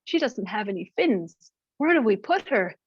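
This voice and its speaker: A woman's voice: medium pitch, sing-song, moderate pace, husky, no echo. A woman voicing a flock of anxious geese who chatter and honk as they worry. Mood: worried. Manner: honking between anxious chatter. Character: flock of honking, fretful geese. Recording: dull, dry lo-fi recording.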